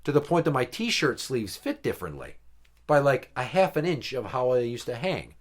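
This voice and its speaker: At medium pitch and moderate pace, a man spins a story during a casual podcast conversation he co-hosts. His telling is animated and full of swearing.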